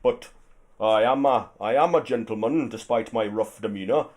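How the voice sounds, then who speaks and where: A man voicing a rough-mannered male prisoner who speaks formally and insists he is a gentleman. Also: lowish voice, normal speed, natural voice. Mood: courteous. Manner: formal, courtly phrasing.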